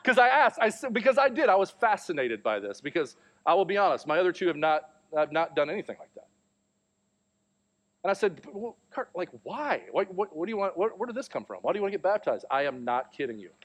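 A man's voice: sits high, fast talker. A man in his thirties preaching a sermon, telling a family story and acting out the voices in it. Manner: storytelling, animated, acts out quotes. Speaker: pastor.

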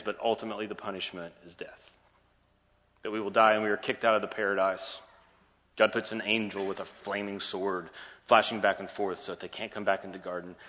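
A man delivers a sermon as a playful, joking storyteller. His voice is bright and forceful, with a long hall echo. The recording is a bit dull. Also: fairly low pitch. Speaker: preacher. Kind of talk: sermon retelling a scripture story.

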